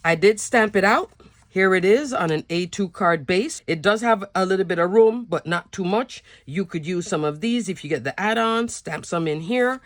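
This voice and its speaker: A woman hosting a craft video, chatting warmly and gushing over cute stamps as she shows them. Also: mid-range voice, lively intonation, moderate pace, dry recording, clean studio sound. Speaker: craft channel host. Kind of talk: casual product show-and-tell.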